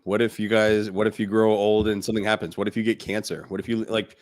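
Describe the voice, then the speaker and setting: A man's voice: lowish voice, fast talker, no echo, studio quality. A man co-hosting a fatherhood podcast, talking bluntly and animatedly in casual chat. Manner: blunt, animated, jokes with mocking quoted voices. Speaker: podcast co-host.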